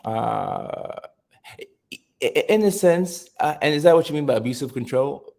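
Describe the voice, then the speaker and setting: A man hosting a casual livestream, chatting with viewers, reading their comments aloud and repeating himself in a relaxed way. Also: on the high side, normal speed, vocal fry. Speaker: livestream host.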